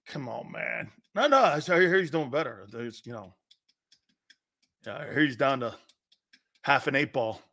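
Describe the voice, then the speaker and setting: A man hosting a sports talk show, telling stories loudly and laughing often between lines. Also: mid-range voice, lively intonation, a little slow, long pauses. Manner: loud, laughing, storytelling.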